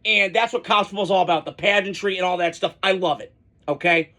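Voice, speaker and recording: A man talks fast in a high, sharp-toned voice. Alone on his college football podcast, he delivers casual, opinionated commentary, rambling through asides and frequently restarting his sentences.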